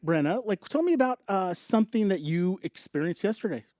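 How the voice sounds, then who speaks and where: A man chatting casually as a podcast guest, expressive and quick to laugh. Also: sits high, no room sound. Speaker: church staff podcast guest. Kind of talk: casual chat.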